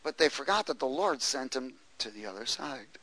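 A man preaching a lively sermon, laughing often and tossing questions to the congregation. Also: medium pitch, normal speed, no room sound, rough recording.

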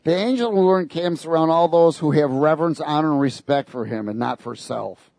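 A man delivers a sermon in a lively, sarcastic manner, letting out small laughs between points. His voice is fairly high for a man, quick, with vocal fry, and the recording is dry and close with no sense of room.

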